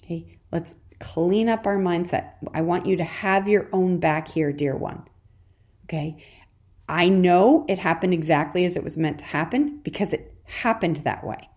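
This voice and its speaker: A woman's voice: lowish voice, moderate pace. A woman talks straight to her listeners as the host of a solo parenting podcast. Her delivery is chatty and encouraging, loose and conversational, with frequent "okay"s. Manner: warm encouraging, addresses listener as "dear warrior".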